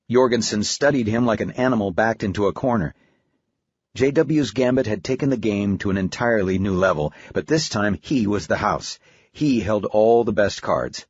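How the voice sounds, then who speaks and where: A man narrating an audiobook in a steady, even storytelling manner. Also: fairly low pitch, normal speed, slightly rough, no room sound. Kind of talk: scripted narration. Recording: dry, slightly dull studio audio.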